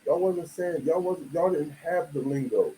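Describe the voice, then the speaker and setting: A man's voice: on the high side, unhurried, dark tone, a little hiss or hum, rough recording. A man from the United States giving a casual, emphatic monologue full of slang and "you feel me" asides. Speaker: video commentator.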